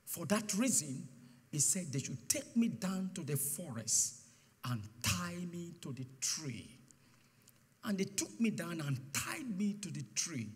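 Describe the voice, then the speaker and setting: A man preaching a guest sermon, telling his testimony with mounting passion and bursts into shouted declarations. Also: a little high, sing-song, measured pace, slightly rough. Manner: impassioned storytelling, swelling to shouted declarations. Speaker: guest pastor. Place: church sanctuary. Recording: long church hall reverb.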